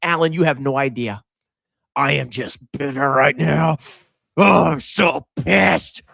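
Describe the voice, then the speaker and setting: Loud mocking man, high bright voice. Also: slow pace, gravelly, no echo, clean studio sound. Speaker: finance commentator. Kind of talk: reaction commentary reading comments.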